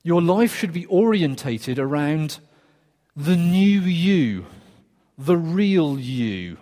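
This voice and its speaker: A man preaching a sermon in a conversational, earnest way, with quick asides and restarts. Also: fairly high pitch, big pitch swings, warm tone. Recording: long reverb of a church hall.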